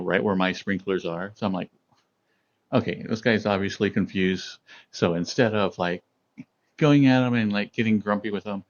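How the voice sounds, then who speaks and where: A man on a stream chats casually with his viewers, reading chat and telling them a story while laughing often. His voice sits low, and the sound is lo-fi.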